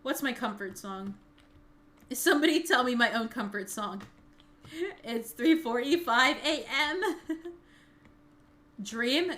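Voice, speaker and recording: A woman live streamer chatting casually, singing along to songs and breaking into loud excited outbursts. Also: on the high side, slow, pauses often. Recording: loud music over the voice. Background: loud pop music playing.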